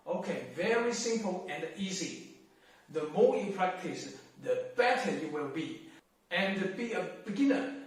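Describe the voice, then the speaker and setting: A man gives a language lesson at a very slow, deliberate pace, repeating each syllable and tone as a drill. His voice sits high. The room is very echoey, and he is heard from a distance. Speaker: language teacher. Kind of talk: explaining lesson. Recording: very echoey room, mic far off.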